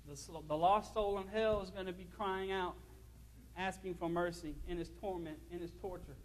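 Male pastor, very high voice, fervent repetitive preaching, echoing church sanctuary. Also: steady tone, normal speed, slight background noise. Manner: fervent preaching, repeats phrases, reads scripture aloud. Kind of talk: sermon. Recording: long hall reverb.

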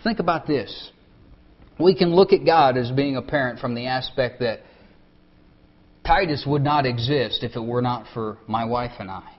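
A male preacher, giving a conversational sermon and often dropping his voice soft for emphasis. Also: mid-range voice, normal speed. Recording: dull lo-fi recording.

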